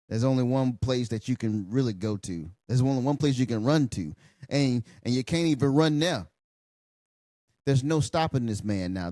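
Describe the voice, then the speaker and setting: A man hosting a film reaction video, talking over the scenes, swearing freely and bursting into loud laughter. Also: medium pitch, no room sound, clean studio sound. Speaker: channel host.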